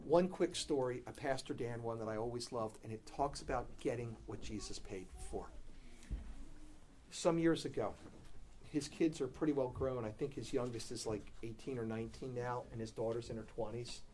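A middle-aged man preaching a sermon, telling a story with bursts of loud animation and soft, low-key emphasis on his main points. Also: moderate pace, slight background noise.

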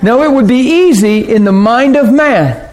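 A man preaching a sermon, animated and chatty, acting out harsh voices and laughing often. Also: very high voice, moderate pace.

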